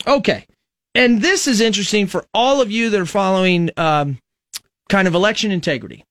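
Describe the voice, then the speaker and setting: A fairly high-voiced man hosting a talk radio show, wandering from point to point with plenty of ums and you-knows. He is from Nebraska. His voice sits close to the mic in a dead, dry studio. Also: fairly quick, fairly bright tone, dry recording. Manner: rambling, conversational, many fillers. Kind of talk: conservative political talk radio monologue.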